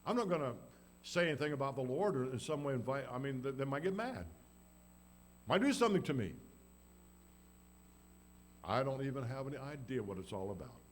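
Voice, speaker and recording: A man's voice: mid-range voice, expressive, brisk, long pauses, rough recording. A man preaching a sermon in a folksy, storytelling way, acting out the people in the story. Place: church. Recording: faint background noise and hum.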